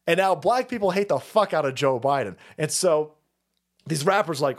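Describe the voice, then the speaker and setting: A man from the San Francisco Bay Area ranting profanely as a streamer, mocking and swinging between muttering and yelling. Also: fairly high pitch, a little fast. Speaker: streamer and political commentator. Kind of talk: profane political rant.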